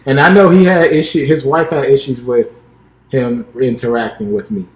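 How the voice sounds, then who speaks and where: A man's voice: mid-range voice, fairly even intonation, normal speed. A young man, a podcast co-host, telling a personal story in casual chat and acting out the dialogue. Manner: acts out quoted dialogue, restarts often. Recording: echoey room.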